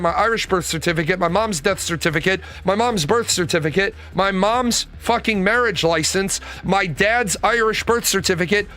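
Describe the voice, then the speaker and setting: A man's voice: high voice, pushed and bright. A young man telling a personal story as a rant, swearing and exasperated. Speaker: host.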